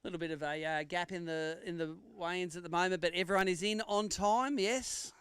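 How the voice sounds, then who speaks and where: An Australian man emcees a live fishing weigh-in, teasing each angler and announcing weights and placings. His voice sits a little high and is smooth and clear. The sound is close and dry. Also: steady tone, a little fast, a bit bright, dry recording. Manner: jokey banter with anglers, announcing weights and standings.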